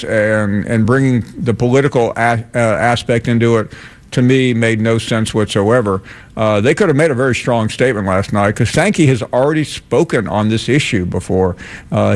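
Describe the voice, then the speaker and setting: A male sports talk radio host who speaks in a halting way, restarting and repeating words. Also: medium pitch.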